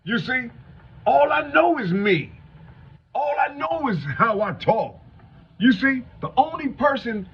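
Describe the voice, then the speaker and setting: A man's voice: animated, measured pace, slightly rough. A man in his fifties from Cincinnati, talking to viewers in a rambling, stuttering monologue that is full of swearing and "you know what I'm saying.". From Cincinnati, Ohio. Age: 50s. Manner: salty street talk, heavy swearing. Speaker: vlogger. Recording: dull low-fi home recording, faint hum.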